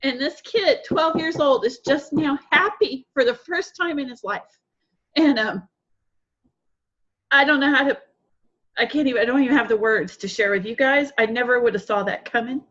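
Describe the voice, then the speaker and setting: A woman's voice: sits high, normal speed, fairly bright tone, lo-fi sound. A woman sharing an emotional testimonial on a group call, tearful and laughing as she speaks. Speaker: program participant.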